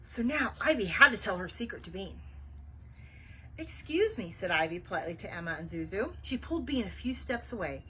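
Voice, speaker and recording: Animated woman reading a children's book aloud. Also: medium pitch, quick pace, hardly any pauses, slight background noise, poor audio. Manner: animated, chatty asides to young listeners. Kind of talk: children's read-aloud with asides.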